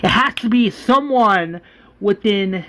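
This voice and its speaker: A man voicing a furious male militia leader who yells and swears. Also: high voice, lively intonation, takes it slowly. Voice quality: yelling, swearing.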